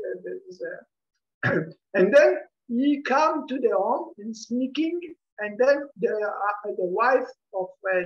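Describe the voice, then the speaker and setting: High-voiced woman telling a Dhamma story. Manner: non-native English, acts out quoted characters with rising pitch. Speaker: Dhamma teacher. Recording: dull lo-fi sound.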